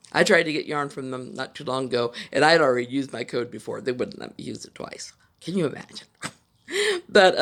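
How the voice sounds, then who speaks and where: An older woman from Ohio, USA, hosting a knitting podcast from home in a chatty, rambling way, full of personal asides. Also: deep voice. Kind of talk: casual chat.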